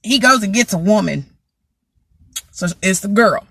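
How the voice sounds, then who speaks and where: A woman vlogger telling a story to her viewers in a casual, slangy, animated way. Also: mid-range voice, measured pace, vocal fry, breathy edge, dry recording. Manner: animated, slangy, talks straight to the audience.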